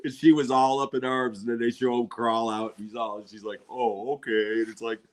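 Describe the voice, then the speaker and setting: A man's voice: mid-range voice, flat delivery, quick pace. A middle-aged man in casual chat on a watch party, telling stories with profanity and laughing often.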